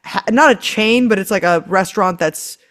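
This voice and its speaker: A woman's voice: mid-range voice, moderate pace, fairly bright tone. A young woman co-hosting a podcast, chatting casually with lots of filler words and frequent swearing. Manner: rambling, many "like" fillers, swears freely. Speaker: podcast co-host. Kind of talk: casual chat.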